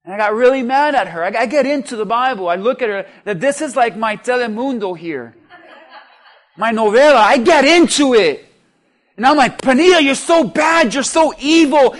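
A man preaching a sermon as a pastor, in a very high voice. He takes his time with each phrase, delivering it with a slow, deliberate pace. His delivery is lively and humorous, and he often calls out to the congregation.

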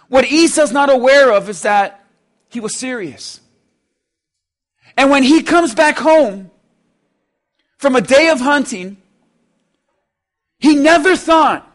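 A man's voice: very high-pitched, a bit bright. A man preaching a sermon. He speaks straight to his listeners and builds emphasis through repeated phrases. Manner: addresses listeners directly.

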